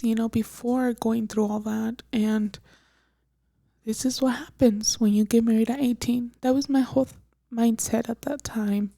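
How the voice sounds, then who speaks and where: A young woman hosting a podcast, telling a personal story in a halting, emotional way with many fillers and restarts, often soft and breathy. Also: a little high, steady tone, no echo, studio quality. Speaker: podcast host.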